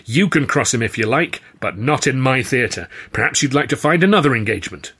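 A man's voice: mid-range voice, animated, brisk, fairly bright tone, husky. A man voicing a nervous, fearful male theatre manager who talks in an anxious, gibbering way. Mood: curt.

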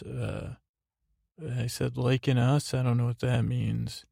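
Slow rambling man with gravelly fry. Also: medium pitch, steady tone, mellow, no room sound, clean studio sound. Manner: meandering, slow, full of fillers and restarts. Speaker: podcast host. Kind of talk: rambling bedtime recap.

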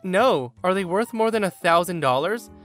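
A man's voice: high voice, expressive, moderate pace, a bit bright, faint music behind. A man doing a pushy, rude woman in her forties. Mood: impatient. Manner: pushy and curt.

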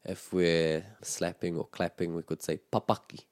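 A deep, mellow-voiced man works through phrases in a language lesson. He explains each one patiently and models how to say it. The sound is close and dry. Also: flat delivery, moderate pace, no echo. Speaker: te reo Māori teacher.

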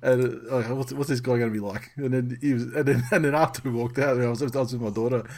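A middle-aged man co-hosting a casual podcast, his voice sitting at an ordinary middle pitch. He rambles and restarts sentences constantly. He swears freely and breaks into laughter mid-story. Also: fairly even intonation, fast talker, a little mellow. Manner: rambling, self-interrupting, laughs often, sweary. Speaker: podcast co-host.

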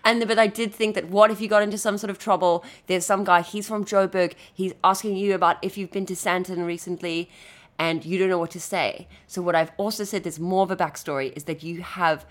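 A woman's voice: lowish voice, steady tone, fairly quick. A woman co-hosting a casual chat, playful and laughing often. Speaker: podcast co-host.

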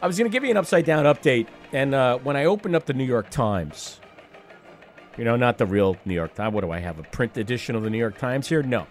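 A man in his late fifties hosts a radio call-in show with a mid-pitched voice. He talks in a wry, meandering way and drops profane asides. Faint music sits underneath. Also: expressive, brisk. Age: 50s. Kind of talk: rambling talk radio monologue.

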